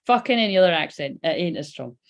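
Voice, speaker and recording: Woman, Scottish accent, gravelly fry, casual live tarot reading, chatty, swears freely. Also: fairly low pitch, expressive, fast, dull audio. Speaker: psychic tarot reader.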